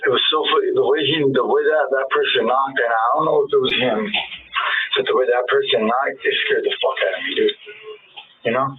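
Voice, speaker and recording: A man's voice: mid-range voice, fairly even intonation, brisk. A man from Northern California giving a rambling, profane statement in a police interrogation, acting out the arguments he describes. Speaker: interview subject. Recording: tinny lo-fi interrogation recording with faint hiss.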